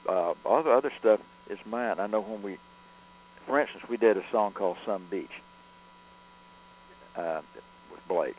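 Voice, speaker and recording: A male record producer speaking in a somewhat low voice, telling long studio anecdotes. He rambles, circles back and restarts his sentences often, with a faint hum under the recording. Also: moderate pace, long pauses, darkish tone, rough recording. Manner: rambling, with frequent restarts and fillers. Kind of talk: conversational storytelling interview.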